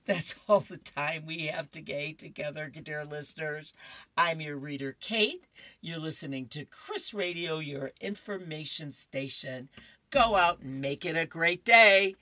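Lady reading the funnies on the radio, slow and chatty, dry close sound. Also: low voice, bright, forceful tone, dry recording. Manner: chatty asides, laughs at the jokes. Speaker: radio reader. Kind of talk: reading horoscopes and comic strips on radio.

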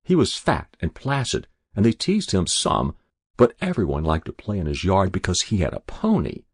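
A man narrating a story in an expressive, characterful way, with a husky voice. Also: sits low, normal speed, dry recording, clean studio sound.

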